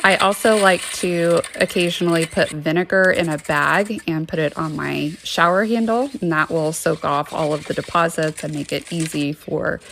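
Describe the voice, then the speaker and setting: A woman's voice: sits low, steady tone, normal speed, creaky, hardly any pauses, fairly bright tone, a little hiss or hum. A woman giving casual, matter-of-fact how-to tips.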